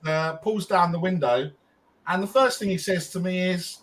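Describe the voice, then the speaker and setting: A man's voice: high-pitched, normal speed, fairly bright tone, rough recording. A man co-hosting a podcast, telling a long casual story with lots of ums and restarts. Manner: rambling, frequent ums and restarts. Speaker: podcast co-host.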